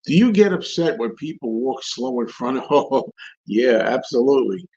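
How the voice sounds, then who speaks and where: A man hosts a live stream, answering viewer questions in casual, rambling chat and repeating and restarting phrases as he rants. His medium-pitched voice is expressive, warm and husky at normal speed, though the recording is muffled.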